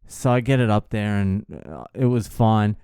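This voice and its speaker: A man's voice: lowish voice, fairly even intonation, moderate pace, mellow, smooth, no echo, studio quality. A man in his thirties telling a story in a casual, profane and exasperated way. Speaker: vlogger.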